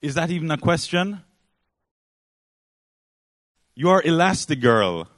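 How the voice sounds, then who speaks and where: Man voicing a bossy tiny woman designer, raised pitch, dry sound; retold in a sermon. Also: very animated, moderate pace, fairly bright tone, no room sound. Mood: scolding. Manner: scolding, bossy. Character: fierce tiny female fashion designer.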